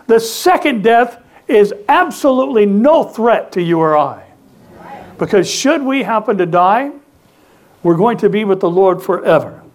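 A man's voice: high-pitched, a little mellow. A man preaching a sermon as pastor, emphatic and calling on the congregation to answer back. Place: church sanctuary.

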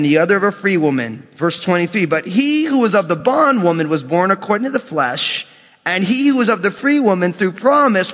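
Pastor guy preaching, high voice, echo of a big church hall. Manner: animated preaching, acting out quoted voices. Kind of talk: sermon. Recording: long church reverb.

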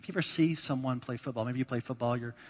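A man preaching a sermon as pastor, animated, acting out the voices of the people he quotes and repeating words as he builds his points. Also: mid-range voice, quick pace, slight background noise. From United States. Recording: long hall reverb.

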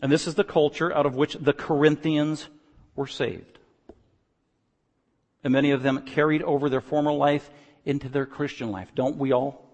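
A man preaching an expository sermon, moving from quiet, low explaining to loud, emphatic passages. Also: big-room sound. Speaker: pastor.

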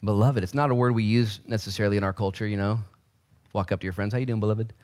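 A man's voice: lowish voice, steady tone, quick pace, darkish tone. A man in his thirties preaching a sermon as pastor, with joking asides and acted-out voices.

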